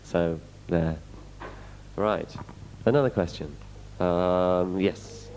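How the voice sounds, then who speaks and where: English guy at a fan q&a, blunt and candid, lowish voice, faint hiss. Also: drawn-out words, darkish tone, rough recording. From England. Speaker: guest actor. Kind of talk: fan convention Q&A.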